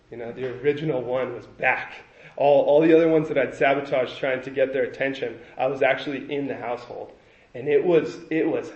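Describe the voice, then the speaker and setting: A young adult man shares his recovery story in a halting, reflective way, often circling back to restart a thought. His voice sits at an ordinary middle pitch. The recording is dull and lo-fi, with the roominess of an echoing space. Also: a little mellow. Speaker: recovery meeting speaker.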